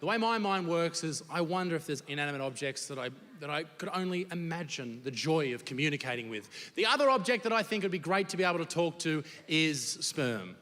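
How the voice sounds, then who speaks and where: A man performing a crude, animated stand-up set on a theatre stage. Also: fairly high pitch, a little fast, few pauses. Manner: crude, animated storytelling with crowd laughter. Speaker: stand-up comedian. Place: large old theatre on stage. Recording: long theatre reverb from stage.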